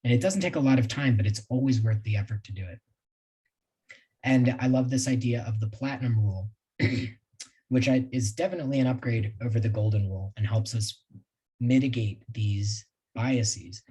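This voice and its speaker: Male webinar trainer, mellow, a bit husky, loose conversational delivery, computer mic. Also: mid-range voice, normal speed, low-quality recording. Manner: conversational, with asides and self-deprecating laughs. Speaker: sales trainer presenting a webinar. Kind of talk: casual live webinar talk.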